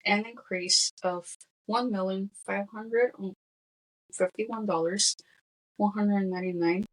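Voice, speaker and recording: A woman's voice: medium pitch, steady tone, slow, rough recording. A woman co-hosting a casual movie podcast with her husband, chatty and explaining details. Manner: chatty, explains and translates lines. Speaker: podcast co-host.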